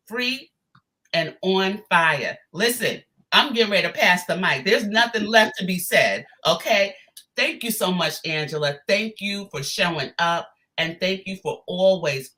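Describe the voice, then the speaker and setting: A woman's voice: lowish voice, sharp tone. A woman hosting a virtual summit, giving an emphatic, hyped introduction of the next speaker. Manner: hyped, emphatic, hypes up the guest. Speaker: host.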